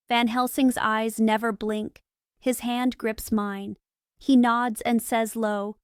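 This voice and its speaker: Slow, crisp woman narrating an audiobook. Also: fairly high pitch, little pitch movement, dry recording, clean studio sound. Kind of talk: slow graded reading for English learners.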